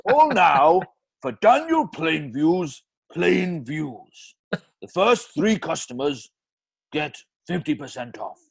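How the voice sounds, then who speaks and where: A man's voice: on the high side, very animated, slow pace, creaky, breathy edge, full character voice. A man voicing an oil baron in a spoof radio advert, slipping into a Welsh accent, drawling and breaking into laughter. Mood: mock salesman. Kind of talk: comedic podcast advert sketch.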